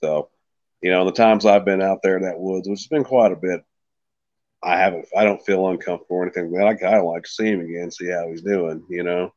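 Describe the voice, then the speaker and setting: Male guest, folksy rambling storyteller, lowish voice, dull lo-fi sound. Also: fairly even intonation, fairly quick, darkish tone. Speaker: podcast guest. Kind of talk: casual storytelling.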